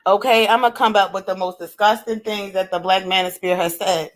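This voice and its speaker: A woman's voice: mid-range voice, steady tone, brisk. A woman co-hosting a live stream in casual chat, talking bluntly and with animation, swearing freely and laughing often. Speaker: livestream co-host.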